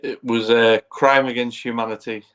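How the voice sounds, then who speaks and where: A man from England on a football fan show, giving measured, reflective opinions. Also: medium pitch, level tone, fairly bright tone. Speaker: podcast panelist. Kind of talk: casual football chat.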